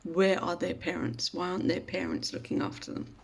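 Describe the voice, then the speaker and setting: A woman's voice: fairly low pitch, little pitch movement, fairly quick, gravelly, husky. A woman voicing a stressed, irritable man on a train, complaining indignantly in her own voice. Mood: exasperated.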